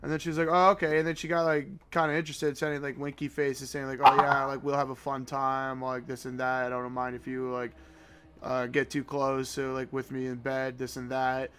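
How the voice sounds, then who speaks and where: A man's voice: medium pitch, level tone, brisk, a bit bright, smooth. A young man hosting a podcast, telling a long story casually, rambling with lots of fillers, restarts and swearing. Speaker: podcast host.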